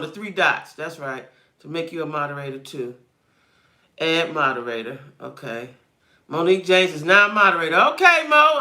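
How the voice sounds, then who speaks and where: A woman's voice: medium pitch, bright, forceful tone. A woman hosting a casual livestream, chatting straight to her viewers and greeting them by name while she thinks aloud and fiddles with the settings. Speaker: livestream host.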